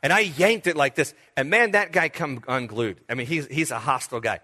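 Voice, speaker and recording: An older man preaches in a folksy, storytelling way and acts out the voices of the people in his tales. His voice sits a little high and rings bright and forceful. A long church-hall reverb trails after each phrase. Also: brisk. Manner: folksy and animated, telling stories with quoted voices. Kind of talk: sermon with personal storytelling.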